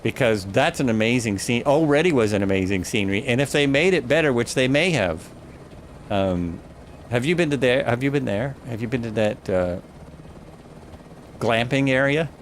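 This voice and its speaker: Man, casual flight sim stream chat, rambling self-corrections, mid-pitched voice, faint background noise. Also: lively intonation, moderate pace. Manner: rambling, thinks aloud, corrects himself often. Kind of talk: casual live gameplay commentary.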